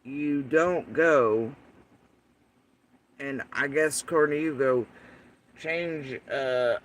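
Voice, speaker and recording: A livestream host rants angrily and profanely, mocking his critics with sarcastic quoted voices. His voice is medium-pitched and fairly bright, and he sits somewhat far from the mic, with slight background noise.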